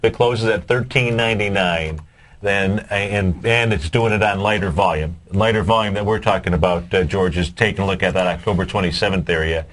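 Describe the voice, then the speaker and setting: Man, co-host, lower voice, explains trades, halting with uhs. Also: fairly bright tone. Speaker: co-host of a market show. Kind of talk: casual trading advice.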